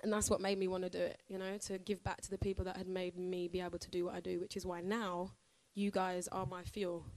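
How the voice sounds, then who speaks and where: A woman's voice: on the low side, flat delivery, a little fast, hardly any pauses, darkish tone, no echo. A woman, chatting in a bubbly, casual way as a singer answering questions from a live audience. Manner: bubbly, chatty, laughs often.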